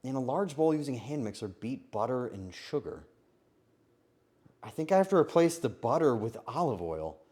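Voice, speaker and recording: Frantic, animated man streaming a game. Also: medium pitch, moderate pace. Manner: talks to himself, frantic and joking. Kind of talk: live game stream commentary.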